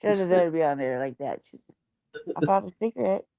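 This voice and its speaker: A woman hosting a casual show, telling stories in an animated, profane way with lots of slang. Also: low-pitched, fast talker, vocal fry, dry recording. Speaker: host. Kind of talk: casual livestream chat.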